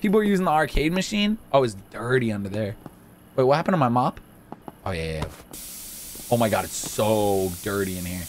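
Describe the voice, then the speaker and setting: A man hosting a casual let's-play video, excitable and jokey, chatting to the game's characters as he plays. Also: mid-range voice, a little fast, a little hiss or hum. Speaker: gaming video host.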